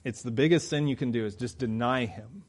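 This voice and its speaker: A man preaching a sermon, moving from quiet reflection to loud, fervent emphasis. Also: mid-range voice, fairly quick.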